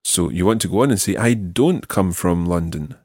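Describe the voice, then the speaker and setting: A man teaching a French lesson, patiently modelling each phrase slowly and clearly for a learner. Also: sits low, darkish tone, no room sound, studio quality.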